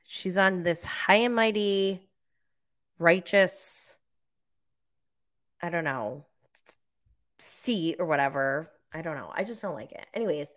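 Chatty woman with a bright, forceful voice. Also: slow pace, pauses often. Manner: chatty, filler-heavy, lots of "like"; animated, jumps high when quoting herself. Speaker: live show host recapping reality TV. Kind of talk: casual live-stream chat.

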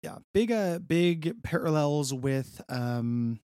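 A man's voice: a little high, animated, slow pace, a little mellow, clear, resonant tone, no room sound, clean studio sound. A man co-hosting a casual podcast, recapping a comic book in a chatty way with stammered repeats and casual swearing. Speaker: podcast co-host.

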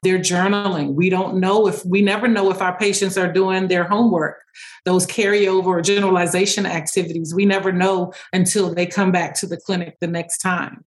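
A woman speech-language pathologist, a guest in an interview, explaining her therapy methods. She tells stories in an animated way and laughs often. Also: fairly low pitch, normal speed, poor audio.

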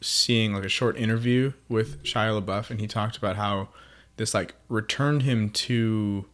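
A man co-hosting a faith podcast, chatting in a relaxed, agreeable way. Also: lowish voice, unhurried. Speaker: podcast co-host. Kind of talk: casual faith podcast chat.

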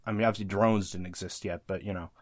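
A man's voice: low-pitched, fairly even intonation, quick pace, no echo, studio quality. A man co-hosting a casual podcast, playful and joking, often trailing off into laughter. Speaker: podcast co-host. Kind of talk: casual chat.

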